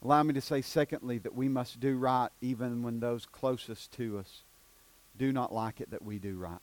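A man preaching a sermon as pastor in a church, with an East Tennessee accent, swinging from hushed, low lines to loud, emphatic declarations. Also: steady tone, normal speed, no room sound. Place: church sanctuary.

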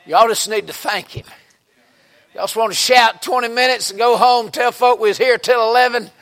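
A man with a Southern US accent preaching a fervent revival sermon in a church, breaking into sudden shouts and exclamations. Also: extremely high pitch, fairly even intonation, normal speed. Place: church sanctuary.

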